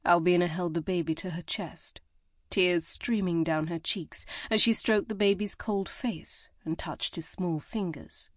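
A woman reading a historical novel as audiobook narrator in a measured, even way. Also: fairly low pitch, no echo, clean studio sound. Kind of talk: scripted narration.

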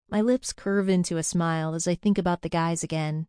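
Young woman reading a first-person audiobook, low smooth voice, dry close mic. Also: steady tone, a little fast, hardly any pauses, dark tone, no room sound. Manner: chatty, confiding. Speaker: audiobook narrator.

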